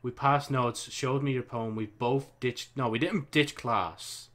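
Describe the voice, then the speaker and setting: A man's voice: medium pitch, fairly even intonation, a little slow, a bit bright. A young man hosting a let's play, casually reading chat messages aloud and commenting as he types, swearing now and then. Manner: casual, mumbling, swears freely, reads and types as he talks. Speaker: gaming channel host.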